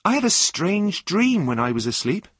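A man voicing a frightened young man on the run, speaking high and anxiously. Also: big pitch swings, normal speed, a bit bright, breathy edge, dry recording, studio quality, heavily acted.

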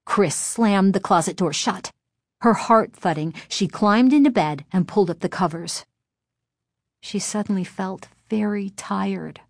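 A woman reading a storybook aloud in measured, suspenseful narration from a close microphone. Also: medium pitch, dry recording.

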